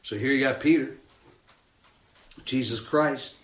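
A man preaching a sermon, animated and emphatic, acting out the story as he tells it. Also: medium pitch, slow, echoey room. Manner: animated, acts out the scene with rising emphasis.

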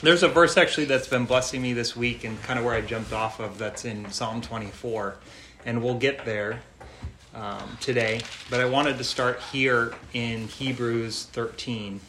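A man preaching a sermon in a gentle, earnest way, repeating phrases for emphasis. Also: medium pitch, fairly even intonation, unhurried. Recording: echoey room, faint noise.

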